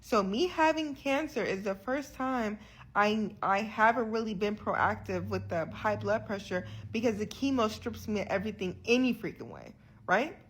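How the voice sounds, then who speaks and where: Speaking straight to the camera, a young woman vlogs candidly about her health journey, earnest and frustrated. Her medium-pitched, husky voice is expressive at a normal pace, and she often restarts sentences and repeats words.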